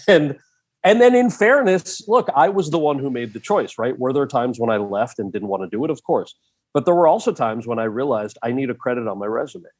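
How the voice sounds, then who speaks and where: A man in his forties tells a story as a podcast guest. He keeps it lively and animated and slips into the voices of the people he quotes, and his pitch stays in the middle range. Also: brisk.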